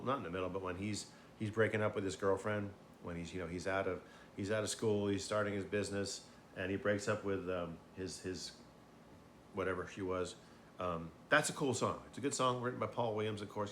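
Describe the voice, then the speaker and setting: A man with a fairly low voice rambles casually, slightly tipsy, swearing often and restarting his sentences. He trails off with fillers as he goes. Faint background noise sits behind him. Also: a bit bright. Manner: meandering, profane, frequent fillers and restarts. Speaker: host.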